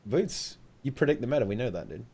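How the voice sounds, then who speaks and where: A man's voice: medium pitch, sing-song, fast, warm tone. A man hosting a casual gaming chat show, playful and teasing, who swears casually. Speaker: host.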